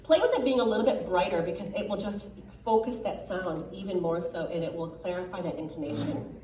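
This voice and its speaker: A woman coaching a choir as a guest clinician, upbeat and encouraging, giving quick directions. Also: lowish voice, noisy background. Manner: upbeat, encouraging, sometimes sings lines to demonstrate. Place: choir rehearsal room. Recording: echoey room from far off, faint ambience.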